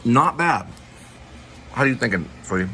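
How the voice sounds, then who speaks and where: A man's voice: medium pitch, animated, measured pace, bright, forceful tone, slight background noise. A man co-hosting a casual home chat during a meal, rambling and searching for names as he talks. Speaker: co-host.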